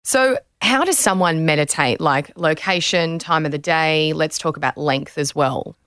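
Smooth, low-voiced young woman hosting. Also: moderate pace, a bit bright, no echo, studio quality. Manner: candid, chatty, personal. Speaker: host, retired sprinter. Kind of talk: conversational interview.

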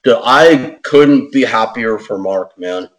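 A man telling a story as an interview guest in a casual, animated way, acting out quotes in other voices and saying "man" and "dude" often. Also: fairly low pitch, slow, low-quality recording. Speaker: podcast host.

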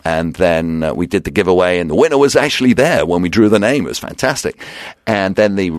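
A man's voice: low-pitched, brisk, no echo, studio quality. A man, a radio DJ and guest, telling stories from his career in a casual interview and acting out the people he quotes. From England. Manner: animated storyteller acting out quotes.

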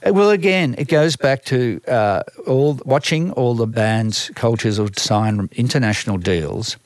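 Australian man, music manager, animated storyteller, mid-pitched voice, dry close sound. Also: measured pace, no echo. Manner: lively, acts out quoted voices, frequent restarts. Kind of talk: storytelling conversation.

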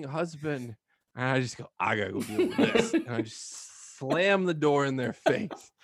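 A man with a gravelly, fry-edged voice tells a funny story on a podcast, laughing as he goes. His pitch swings widely and expressively. He speaks in a casual, chatty way. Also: no room sound. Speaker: podcast co-host. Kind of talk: casual chat, anecdote.

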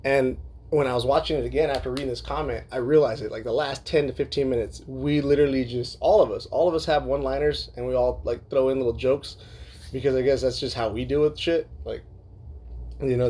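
Husky-voiced man hosting a casual podcast. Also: mid-range voice, steady tone, brisk, dark tone. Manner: loose and profane, full of fillers, laughs often. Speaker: podcast host. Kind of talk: casual podcast chat reading listener emails.

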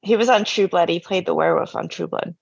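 A woman with a creaky, husky voice chats casually on a podcast and laughs easily. The recording is dull and lo-fi. It is also dry, with no room sound. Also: on the low side, fast, no echo. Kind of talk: casual chat.

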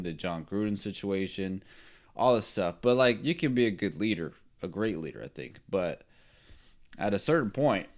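A man with a fairly low voice talks football on a podcast. His delivery is loose and rambling, full of fillers and strong opinions. He chuckles now and then at his own remarks. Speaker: podcast host. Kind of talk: casual sports talk.

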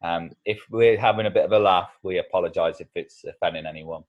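Jokey podcast co-host. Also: male voice, deep voice, quick pace, dull audio. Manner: jokey, laughs often, rambling with restarts. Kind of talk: casual comedic podcast chat.

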